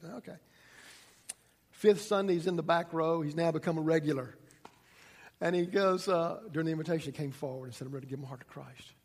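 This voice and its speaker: A man's voice: a little high, a little mellow, breathy edge. A middle-aged man, a pastor, telling a story in a casual, folksy sermon. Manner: folksy, conversational preaching with southern-style grammar. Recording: long reverb in a large room.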